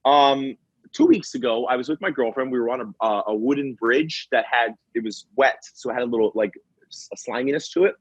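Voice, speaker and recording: A man who works as a firefighter telling work stories on a podcast, animated and slangy, acting out what people said. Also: mid-range voice, fairly quick, husky, dry recording. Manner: animated storyteller, acts out quotes, says bro and man a lot. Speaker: firefighter and comedy video creator, guest. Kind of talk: casual podcast storytelling. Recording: dull lo-fi sound.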